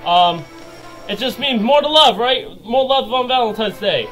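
Excitable high-voiced man playing a game. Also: a little slow, soft background music, rough recording. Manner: excitable, yelps and laughs at mishaps. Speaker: gaming video creator. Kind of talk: let's play commentary.

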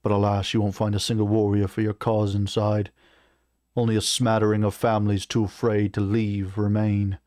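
A man voicing a proud, weary male orc chieftain who speaks slowly and firmly in a fantasy reading. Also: on the low side, monotone, darkish tone, no room sound, studio quality, lightly acted. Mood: composed.

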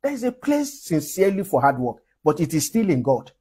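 A man from Nigeria delivers a sermon in a fairly high, husky voice. He preaches with strong emphasis and laughs often between his points. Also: sing-song, fairly quick, a little mellow.

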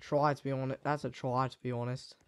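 A young man commentating a live game, switching between muttered asides and sudden excited shouts. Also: medium pitch, a little fast, clean tone, no room sound. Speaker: sports commentator.

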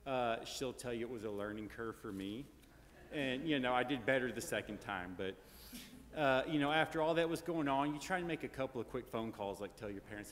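A grandson giving a casual, anecdotal funeral eulogy in a large church, full of fillers and tag questions. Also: male voice, mid-range voice, fairly quick, fairly bright tone. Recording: long church reverb.

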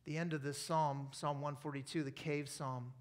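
A man with a notably high voice preaching at a church service in an American accent. He talks earnestly and conversationally, dropping easily into personal stories and light asides. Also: little pitch movement, moderate pace. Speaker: pastor. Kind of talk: sermon.

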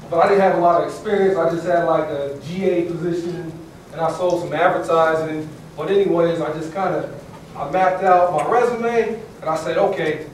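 A man in his thirties from California, telling his career story on a panel with a lively, laughing delivery. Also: high voice, slight background noise. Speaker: panelist, former student athlete. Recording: echoey hall from far off.

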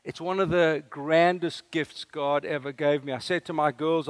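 A South African man in his fifties delivers an earnest, story-driven sermon. His voice sits somewhat high for a man. The sound is dry and close, with no room echo. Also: steady tone, moderate pace, few pauses. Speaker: guest preacher. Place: church service.

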